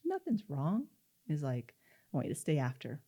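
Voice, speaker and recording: Animated woman telling her story. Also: extremely low pitch, fast talker. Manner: animated, acts out quoted dialogue. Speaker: guest. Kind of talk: storytelling interview.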